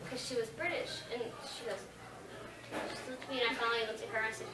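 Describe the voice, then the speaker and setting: A woman's voice: a little high, fairly even intonation, quick pace. A woman guest voice actor chatting and laughing through a casual convention Q&A. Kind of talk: casual panel Q&A answers. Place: convention panel room. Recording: echoey room, distant mic, background noise.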